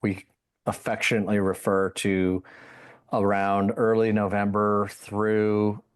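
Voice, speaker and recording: A man, a league's CEO, explaining things in a relaxed podcast chat with dry humor. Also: on the low side, takes it slowly, clean tone.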